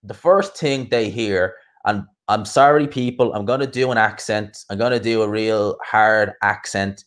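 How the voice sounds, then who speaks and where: An Irish man chatting on a live stream, rambling loosely from one thought to the next and swearing freely. His voice sits on the low side. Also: unhurried, hardly any pauses, a bit bright. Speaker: boxing channel host. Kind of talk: casual live stream chat.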